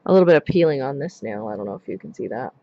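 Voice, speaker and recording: A woman's voice: extremely low pitch, animated, racing, warm tone, no room sound, lo-fi sound. A woman chatting casually on a live stream while she paints her nails, rambling with many asides. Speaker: nail art streamer.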